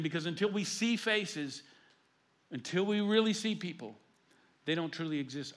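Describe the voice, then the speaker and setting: A man, a pastor preaching a sermon, telling stories and swinging between loud emphasis and hushed asides. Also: fairly high pitch.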